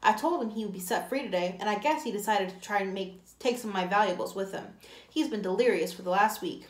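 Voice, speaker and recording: A woman's voice: mid-range voice, quick pace, natural voice. A woman voicing a stern, scheming female camp warden who defends herself insistently. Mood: defensive. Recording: echoey room.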